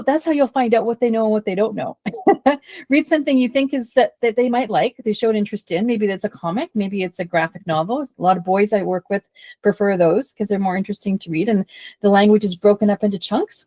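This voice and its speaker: A woman tutor co-hosting a casual chat about teaching kids to read, animated and playful with many restarts. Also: medium pitch, dry recording. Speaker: tutor and podcast co-host.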